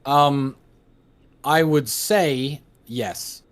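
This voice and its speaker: A man's voice: mid-range voice, very slow. A man in his thirties talking bluntly and emphatically, with frequent swearing, as a guest in a casual conversation. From United States. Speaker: livestream guest.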